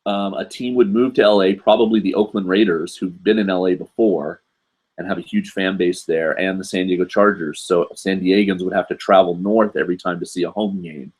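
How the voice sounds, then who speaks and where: A man's voice: low voice, steady tone, brisk, slightly rough. A man in his forties from the United States, hosting a live show and chatting in a rambling way, with lots of fillers and asides. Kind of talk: casual live stream chat.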